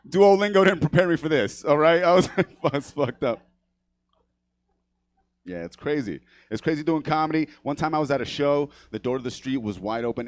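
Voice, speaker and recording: A fairly high-pitched man from New York, Spanish his first language, performs a brash, profane stand-up set on a comedy theater stage. He laughs at his own jokes and tacks "right?" onto every line, and the recording has no room sound.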